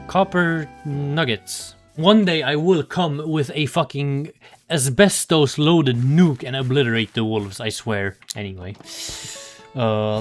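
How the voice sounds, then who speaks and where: A young man talks his way through a survival game in casual commentary, muttering to himself. He swears freely and grumbles in exasperation when things go wrong. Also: mid-range voice. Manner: sing-song baby talk to animals. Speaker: gaming video creator.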